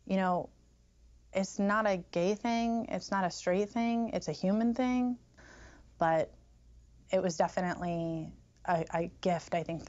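A woman's voice: on the low side, darkish tone. A woman in a documentary interview, retelling events earnestly and acting out the dialogue she quotes. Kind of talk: documentary testimony. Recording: slightly muffled film audio.

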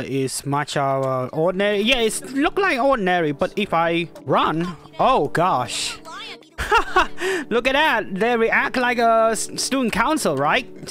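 Excitable woman narrating gameplay, lively pitch. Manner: excitable, yelling at game characters, frequent laughter. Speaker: gaming YouTuber. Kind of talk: casual gameplay commentary.

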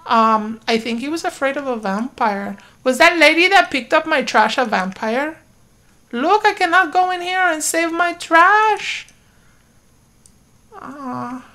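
A woman giving casual let's-play commentary, excitable and talking to her game characters, with sudden loud outbursts. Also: high voice, unhurried. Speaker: gaming YouTuber.

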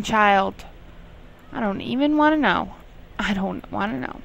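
A woman's voice: mid-range voice, lively intonation, a little slow, gravelly, muffled recording, slight background noise. Chatty woman scolding her game characters. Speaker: gameplay commentator. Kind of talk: casual let's play commentary.

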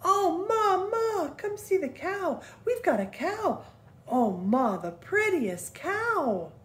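A thrilled little prairie girl calls out in a high, eager voice, as a grandmother reads her part. She bursts with questions and shouts her delight, loud and lively. A warm storybook telling. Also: slow, echoey room, heavily acted. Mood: excited. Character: excited little pioneer girl.

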